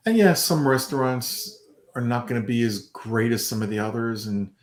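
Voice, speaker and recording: A man's voice: medium pitch, animated, moderate pace, roomy sound. A man co-hosting a casual fan podcast, talking about the theme park with gushing enthusiasm. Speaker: podcast co-host. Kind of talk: casual chat.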